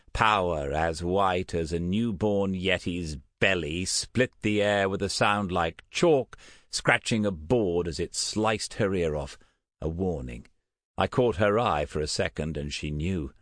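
Male audiobook narrator, very low voice, measured delivery, dry close sound. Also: fairly bright tone, no echo. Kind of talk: audiobook narration of first-person dark fantasy.

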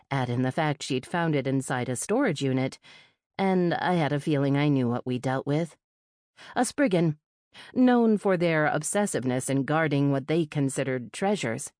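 Low-voiced woman narrating wryly. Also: expressive, normal speed, darkish tone, dry recording, studio quality. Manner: wry, sardonic first-person delivery. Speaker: audiobook narrator. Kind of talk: first-person fiction narration.

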